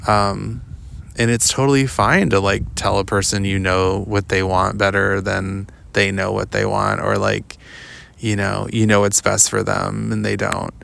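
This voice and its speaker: Young guy rambling a story on a podcast, lots of likes and ums, deepish gravelly voice. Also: monotone, unhurried, a bit bright. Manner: rambling, lots of "like" and "um", mimics others in quotes. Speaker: podcast host. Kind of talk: casual storytelling monologue. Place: outdoors walking in the woods.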